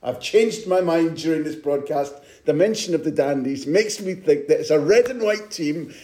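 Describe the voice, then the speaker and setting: A man's voice: on the high side, animated, normal speed, dark tone. A man, a football correspondent, telling a rambling anecdote in casual podcast chat and laughing often.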